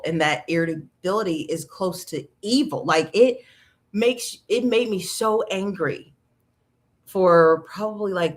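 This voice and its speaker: Candid woman in her thirties. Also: sits low. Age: 30s. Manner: candid, animated, acts out quoted dialogue. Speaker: podcast host. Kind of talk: personal storytelling.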